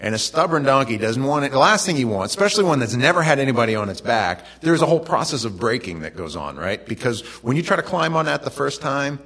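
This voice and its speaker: A middle-aged pastor tells a sermon story in a relaxed, conversational style, tossing lively asides to the congregation. He has a medium-pitched voice and talks fast, with few pauses.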